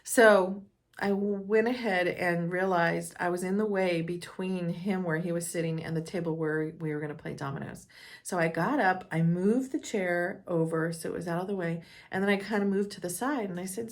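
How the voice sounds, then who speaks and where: Woman speaker sharing a personal story, lively and expressive, with some vocal fry. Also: fairly low pitch, normal speed. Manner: animated, acts out dialogue, laughs often.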